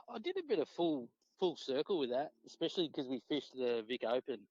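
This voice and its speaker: A man with an Australian accent, a podcast guest telling fishing stories in a relaxed, swearing, casual way. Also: moderate pace, no echo. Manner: laid-back, swears freely, acts out quotes with pitch jumps. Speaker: podcast guest, tournament angler. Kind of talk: casual storytelling chat. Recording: dull lo-fi dry sound.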